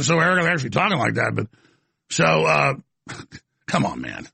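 A man's voice: fairly high pitch, huge pitch swings, moderate pace, vocal fry, pauses often, pushed and bright, breathy edge, dry recording. A male talk show host taking calls, blunt and skeptical with the caller. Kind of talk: call-in radio talk.

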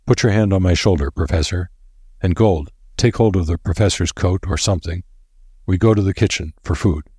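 A man reading a stern, steady doctor. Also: sits low, brisk, breathy edge, no room sound, clean studio sound. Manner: stern, commanding. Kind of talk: audiobook character voice.

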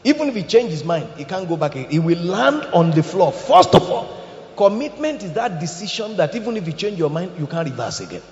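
Animated preaching man in an echoey hall. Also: sits high, fairly quick. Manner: animated preaching with acted quotes and humor. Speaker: pastor. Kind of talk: sermon. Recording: echoey hall, dull lo-fi sound.

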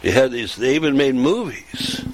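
A man's voice: mid-range voice, very animated, moderate pace, rough recording. An older man in his seventies telling stories in a rambling monologue, often repeating and restarting his phrases.

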